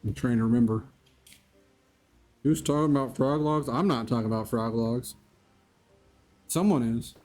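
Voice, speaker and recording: A man streams a game and chats with his viewers in a loose, easygoing way. His voice is mellow, and he laughs often. Faint music plays underneath. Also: mid-range voice, moderate pace, pauses often. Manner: chatty, laughs often, talks to chat by name. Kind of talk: casual live-stream chat while playing.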